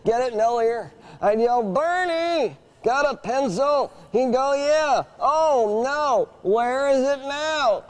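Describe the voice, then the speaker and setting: A man's voice: very high-pitched, lively intonation, slow pace, hardly any pauses, voice pushed up, heavily acted. A man voicing his grumpy male ventriloquist puppet, whining and cracking corny jokes. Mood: joking. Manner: whiny complaints, corny jokes.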